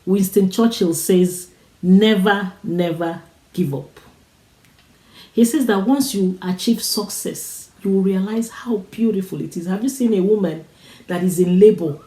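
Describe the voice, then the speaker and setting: A woman's voice: medium pitch, unhurried, warm tone, roomy sound, poor audio. A woman giving a motivational talk, urging listeners on with repeated, preacher-like phrases. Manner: repetitive, urging, preacher-like cadence. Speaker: motivational speaker.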